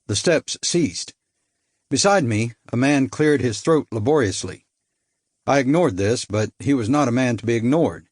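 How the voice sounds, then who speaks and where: A man's voice: mid-range voice, animated, dry recording. Dry-voiced male audiobook narrator. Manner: dry, measured storytelling. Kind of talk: first-person thriller narration.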